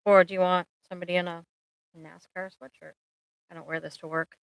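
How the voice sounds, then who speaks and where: A woman's voice: fairly low pitch, little pitch movement, a little fast, clear, resonant tone, no echo, low-quality recording. A woman therapist hosting a casual live Q&A, chatty and jokey, full of analogies and playful asides. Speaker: therapist and livestream host.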